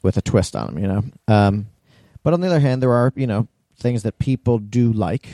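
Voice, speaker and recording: A man's voice: on the low side, animated, fairly quick, dark tone, no room sound. A man co-hosting a podcast in casual chat, brash and teasing, with some swearing. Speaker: podcast co-host.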